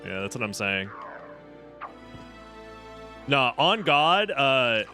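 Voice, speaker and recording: A man's voice: medium pitch, big pitch swings, extremely slow, bright, forceful tone, faint music behind. A young man streaming a video game, chatting casually with his viewers in a snarky, sarcastic way and swearing freely. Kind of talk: casual live-stream gaming chat.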